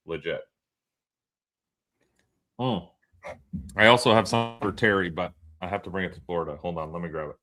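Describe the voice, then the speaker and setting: A man's voice: sits low, steady tone, normal speed, long pauses, bright, forceful tone, a little hiss or hum. A man co-hosting a podcast in casual, joking banter, swearing and laughing often. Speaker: podcast co-host.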